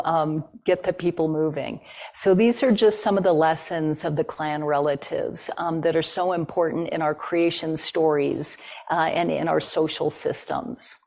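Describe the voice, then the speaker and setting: Woman storytelling at a talk, lowish voice, chatty with lots of ums. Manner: warm, conversational storytelling with fillers. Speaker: guest speaker.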